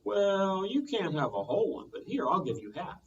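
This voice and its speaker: Man reading as easygoing boy hero, drawling, a bit high, muffled distant sound. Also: sing-song, moderate pace, slight background noise. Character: lazy strong boy hero, sleepy then brave.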